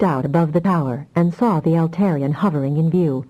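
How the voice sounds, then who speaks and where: A woman narrating a fantasy audiobook with expressive storytelling. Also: low-pitched, brisk, few pauses, rough recording.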